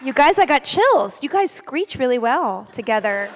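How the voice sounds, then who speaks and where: A woman's voice: high voice, very animated, moderate pace, crowd noise, noisy background. A woman from Texas, a guest at a convention panel, chatting casually in a bubbly, self-mocking, jokey way. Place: large convention theater. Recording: echoey hall.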